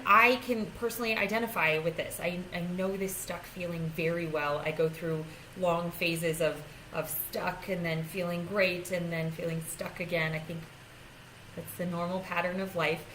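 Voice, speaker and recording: Woman, personal growth coach vlogging: casual, self-deprecating, quick to laugh, faint background hum. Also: on the low side, fairly bright tone, poor audio. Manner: chatty and self-deprecating, laughing often, with frequent restarts. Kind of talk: casual talking-to-camera vlog.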